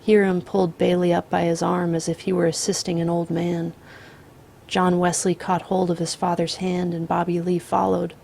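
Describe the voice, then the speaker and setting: A woman reads a literary short story aloud in a measured, steady voice. Her tone sits low with a gravelly texture. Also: slight background noise. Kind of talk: literary audiobook narration.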